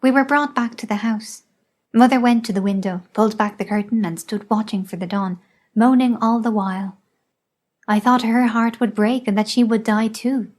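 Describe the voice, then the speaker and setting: A woman reading a memoir aloud in scripted narration, measured and even. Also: on the high side. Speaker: audiobook reader.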